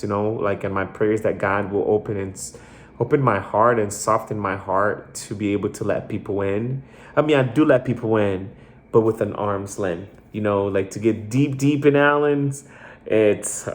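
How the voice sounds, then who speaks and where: A young man hosting his own faith podcast alone, reflective and emotional, with many fillers and pauses. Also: fairly low pitch. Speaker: podcast host. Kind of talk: heartfelt solo faith podcast.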